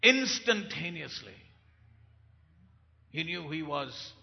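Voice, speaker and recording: A man preaching a sermon, swinging from quiet, low lines to loud, forceful bursts. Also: sing-song, takes it slowly, vocal fry. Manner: dramatic swings between soft and loud delivery. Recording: dull, echoey hall sound.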